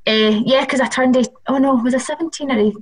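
A woman's voice: sits high, fast, breathy edge, rough recording. Chatty Glaswegian woman in her thirties. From Glasgow, Scotland. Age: 30s. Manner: chatty, laughing storyteller. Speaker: podcast guest. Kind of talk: casual chat.

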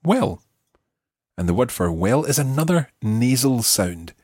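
A man hosting a language course, teaching deliberately and slowing down to model words. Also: mid-range voice, very animated, darkish tone, slightly rough, no room sound, clean studio sound. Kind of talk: scripted language lesson. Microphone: close studio mic.

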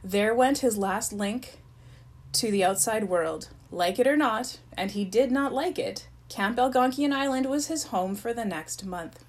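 A woman's voice: fairly high pitch, measured pace, low-quality recording. Woman reading a story aloud. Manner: even storytelling narration. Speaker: reader.

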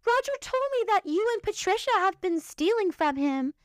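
A woman's voice: very high-pitched, very animated, normal speed, no room sound, voice pushed up. A woman mimicking a dismissive, skeptical female HR worker who talks in a curt, condescending way.

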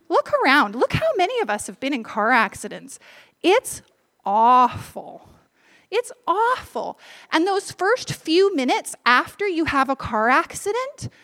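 A woman's voice: high voice, fairly bright tone. A woman preaching, telling a personal story in an earnest, conversational way and speaking directly to a congregation of grown-ups and children.

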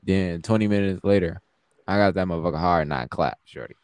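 A young man with a deep voice talks a little fast, with no room sound in the recording. As a podcast co-host, he chats casually, tells stories with plenty of swearing, and animatedly plays the parts of the people he quotes.

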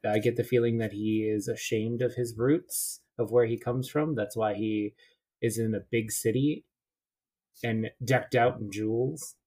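Husky-voiced playful tabletop player. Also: mid-range voice, steady tone, unhurried, warm tone. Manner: playful, suggestive, chatty. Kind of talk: casual tabletop play.

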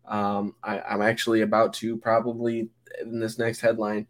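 A man's voice: fairly low pitch, monotone, normal speed. A young man co-hosting a football podcast, chatting casually and rambling with many fillers and restarts. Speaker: podcast co-host. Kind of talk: casual sports chat.

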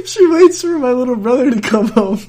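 A man's voice: extremely high pitch, sing-song, normal speed, crowd noise. A young adult man hosting a podcast, telling a casual story in a rambling way with frequent restarts and bursts of laughter. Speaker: podcast host.

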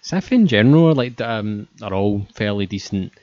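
A man's voice: on the low side, animated, moderate pace, darkish tone, no room sound. A man chatting casually and ranting animatedly with friends, swearing a lot. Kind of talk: casual chat. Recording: dull lo-fi sound.

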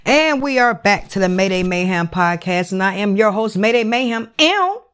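A woman hosting her own podcast, talking alone in a casual monologue, blunt and animated, swearing freely and leaning on "you know". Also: medium pitch, moderate pace, clean tone. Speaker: podcast host.

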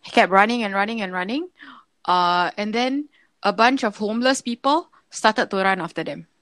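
A young woman from Singapore with a Singaporean English accent, co-hosting a podcast, telling a story in animated, casual chat with plenty of swearing. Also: mid-range voice, normal speed, no room sound. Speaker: podcast co-host.

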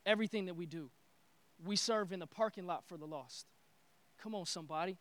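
A man preaching a sermon with energetic, repetitive call-and-response phrasing. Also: sits high, fairly quick, no room sound. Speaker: pastor.

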